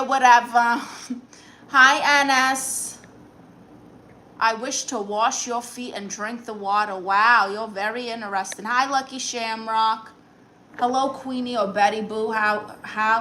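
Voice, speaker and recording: Sassy high-voiced woman reading chat. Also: steady tone, takes it slowly, bright, forceful tone, a little hiss or hum, rough recording. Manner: sassy, dry comebacks to chat. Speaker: livestream host in a comic aunt persona. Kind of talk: comic livestream chat reading.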